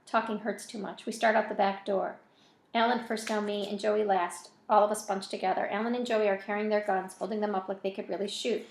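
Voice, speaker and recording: A woman's voice: mid-range voice, fairly even intonation, a little fast, gravelly, echoey room. A woman reading a novel aloud in an informal way, with casual self-correcting asides between chapters. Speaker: reader of a novel.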